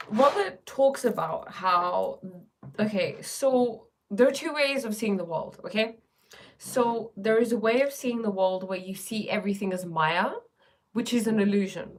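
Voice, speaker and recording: A woman chatting casually on a livestream, rambling with many fillers and reading viewer comments aloud. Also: mid-range voice. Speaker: livestream host.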